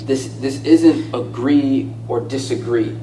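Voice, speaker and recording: Calm male co-host, recorded in an echoey room with clear background hum. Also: medium pitch, takes it slowly. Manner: calm, even-keeled, frequent agreeing interjections. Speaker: podcast co-host. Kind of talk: casual discussion. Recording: roomy, distant mic with audible noise.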